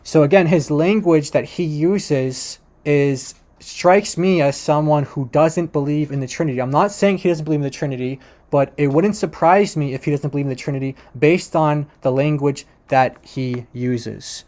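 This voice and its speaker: A man's voice: on the high side, normal speed, darkish tone. A man commentating on a video clip he plays, making critical points with emphatic repetition. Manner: emphatic, repeats points for stress.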